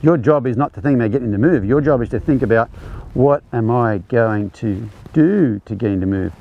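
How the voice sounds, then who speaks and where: Gravelly man teaching horsemanship. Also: medium pitch, a little fast, narrow, tinny audio. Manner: explains conversationally, demonstrating as he speaks. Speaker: horsemanship clinician. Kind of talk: live teaching demonstration. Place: outdoor ranch arena.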